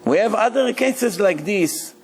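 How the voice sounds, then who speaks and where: A high-voiced rabbi preaching through a story, animated and emphatic. His pitch runs high for a man. A faint bed of noise sits under the voice. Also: a little slow. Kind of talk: storytelling sermon.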